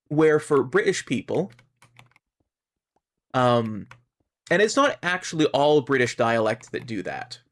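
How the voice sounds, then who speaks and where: A man's voice: medium pitch, a bit bright. A Canadian man chatting casually on a live game stream, rambling as he explains how words are pronounced. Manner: rambling, explains pronunciation to chat. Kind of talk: casual live-stream chat while gaming.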